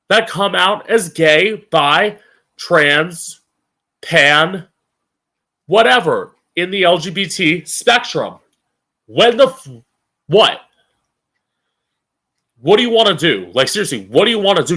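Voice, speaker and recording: Angry ranting young man, bright voice. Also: high voice, lively intonation, a little slow, pauses often. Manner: angry, profane, emphatic. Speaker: live-stream show host. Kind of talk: opinionated rant.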